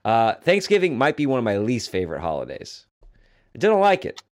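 A man co-hosting a casual podcast chat, animated and joking, swearing casually. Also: mid-range voice, a little fast. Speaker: podcast co-host.

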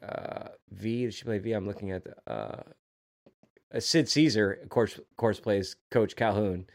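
A man's voice: fairly low pitch, fairly even intonation, normal speed, vocal fry, a little mellow. Guy cohosting a podcast, rambly chat, keeps restarting his sentences. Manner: rambling, self-correcting, acts out quotes. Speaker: podcast co-host. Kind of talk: casual chat.

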